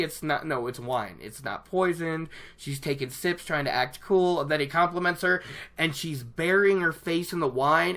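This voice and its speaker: Excitable rambling book podcast host. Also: medium pitch. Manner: excitable, rambling, self-mocking. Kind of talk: casual book podcast chat.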